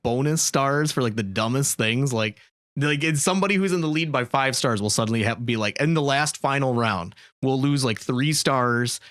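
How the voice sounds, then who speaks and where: A man's voice: medium pitch, normal speed, fairly bright tone, no echo. Man podcast host, chatty and rambling, dry close mic. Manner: rambling, lots of fillers. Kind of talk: casual podcast chat.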